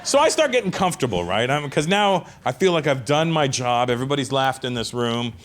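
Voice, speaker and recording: A male comedian telling a long stand-up story, lively, often acting out the lines of the people in it. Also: medium pitch, a little fast. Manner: animated, acts out other people's lines.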